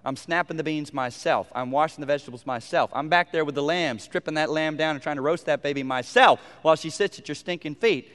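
A man's voice: on the high side, a bit bright, clear, resonant tone, long reverb tail, voice pushed down, natural voice. A man voicing a frazzled, complaining woman. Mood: exasperated. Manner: exasperated, rapid complaining. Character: frazzled overworked woman in a busy kitchen.

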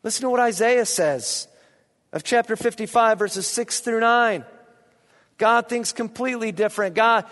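This sermon comes from an animated preacher, a man in his thirties with a high voice who takes his time and then erupts into shouts. The hall gives it a long, lingering echo.

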